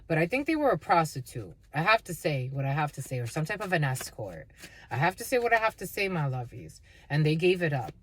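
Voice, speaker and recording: A woman's voice: on the low side, fairly bright tone, a little hiss or hum. A woman doing a casual, blunt and profane tarot reading, laughing often. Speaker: tarot reader.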